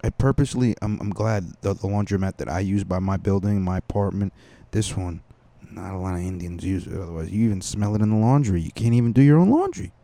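A man's voice: low-pitched, fairly even intonation, a little fast, mellow. A young man hosting a comedy podcast, rambling crudely in a casual monologue with many fillers and restarts.

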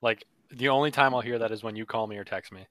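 A man's voice: fairly low pitch, fast, bright, forceful tone, no room sound. A man co-hosting a podcast, talking in a blunt, teasing way. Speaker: podcast co-host. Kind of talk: casual chat.

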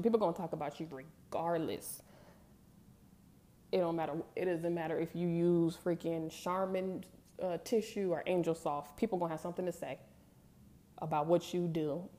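Candid young woman, low mellow voice. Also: fairly even intonation, normal speed. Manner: candid, conversational, emphatic. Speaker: vlogger. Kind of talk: casual storytelling to camera.

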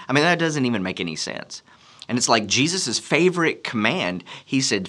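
A man's voice: mid-range voice, very animated, fairly quick, sharp tone. A man preaching a sermon as a pastor, telling a story and acting out the voices in the dialogue.

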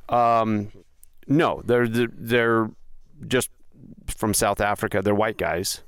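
A man's voice: on the low side, steady tone, slow, smooth, no room sound. A man hosting a podcast, chatting casually and rambling, with frequent fillers and restarts. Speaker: podcast host. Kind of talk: casual chat.

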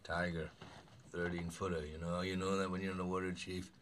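A grizzled old sea captain, deep and grim. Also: male voice, flat delivery, fairly bright tone, a little hiss or hum. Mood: grim, haunted. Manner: slow, grim storytelling drawl. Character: grizzled old male sea captain, haunted shark hunter. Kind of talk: film monologue clip. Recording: distant film audio with faint ambience.

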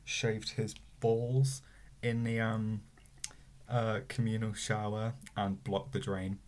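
A young man chatting casually on a podcast, hesitant and deadpan, with many fillers as he reads out news. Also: fairly low pitch, takes it slowly, a little hiss or hum. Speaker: podcast co-host. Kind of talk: casual chat, reading news aloud.

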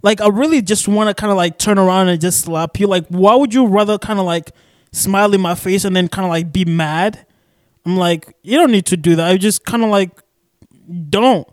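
A man's voice: sits high, normal speed, smooth, no echo. A young man from Arizona hosting a casual solo podcast, rambling with lots of fillers and cursing, recorded in a shared studio office. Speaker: podcast host.

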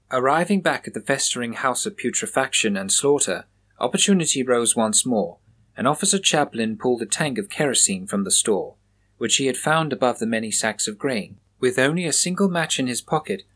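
A man reading a scripted horror story aloud in a measured, even storytelling manner. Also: medium pitch, breathy edge. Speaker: narrator.

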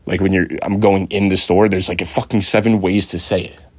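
A man's voice: sits low, little pitch movement, fairly quick, husky, no room sound. Rambling, foul-mouthed young man. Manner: loose and swearing, full of fillers and restarts. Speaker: podcast host. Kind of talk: casual rambling chat.

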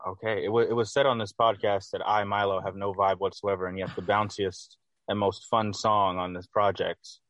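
A man co-hosting a podcast, giving enthusiastic, animated opinions in a casual music review chat. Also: fairly low pitch, normal speed, no echo, low-quality recording. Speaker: podcast co-host.

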